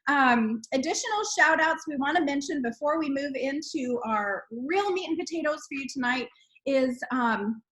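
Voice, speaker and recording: A high, bright-voiced woman hosts a team call. She reads out names with bubbly energy, cheering and exclaiming as she goes. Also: animated, normal speed, poor audio. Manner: bubbly, exclaims and laughs while reading names. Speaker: host of a team sales call. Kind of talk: upbeat recognition call.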